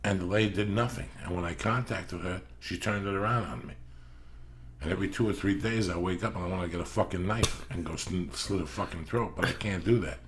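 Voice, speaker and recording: A middle-aged podcast host speaks in a low-pitched, fairly quick voice, with a little hiss or hum in the background. In casual chat he tells rambling stories, swearing constantly and hammering his points home.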